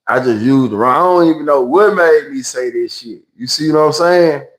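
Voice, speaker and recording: A man's voice: mid-range voice, normal speed, low-quality recording. A man with a Memphis Southern accent telling a rambling, slangy story on a livestream, acting out other people's voices. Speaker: livestream host. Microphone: phone livestream.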